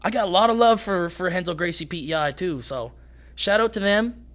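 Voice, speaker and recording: Hyped-up young man with a bright voice. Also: high voice. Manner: hyped, fast-talking, swears freely. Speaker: guest, fighter. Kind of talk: casual podcast conversation.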